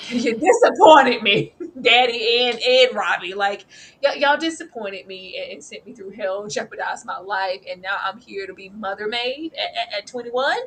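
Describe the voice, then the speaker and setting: A woman co-hosting a TV recap show, animated and laughing, swinging from hushed asides to loud outbursts. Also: fairly high pitch, slight background noise. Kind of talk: casual chat reviewing a TV episode.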